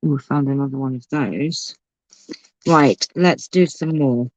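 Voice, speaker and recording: A woman's voice: a bass voice, slow pace, dry recording, dull audio. Chatty woman crafting at home. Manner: chatty, thinks aloud, talks to her pet. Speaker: craft channel host. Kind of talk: casual crafting livestream chat.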